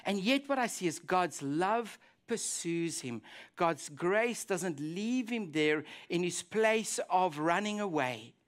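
A man's voice: high-pitched, slow pace. A man preaching a sermon as a pastor, telling a Bible story and acting out the prayers in it. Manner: animated storytelling, acts out quoted prayers.

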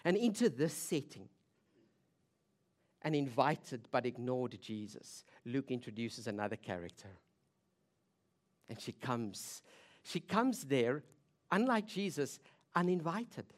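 A woman preacher giving a sermon, telling the story vividly with rhetorical questions and swinging between loud emphasis and hushed intensity. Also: very deep voice, sing-song, takes it slowly, long pauses.

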